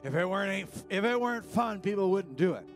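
Man, pastor, sermon, a bit high voice, soft music behind, hushed to fired up. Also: animated, a little fast. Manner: impassioned, swings from hushed to raised. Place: church service.

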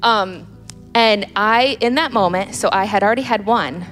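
A woman's voice: medium pitch, moderate pace, a bit bright, soft background music. A woman in her thirties telling a candid personal faith story. She laughs often and restarts her sentences. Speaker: guest sharing a personal story.

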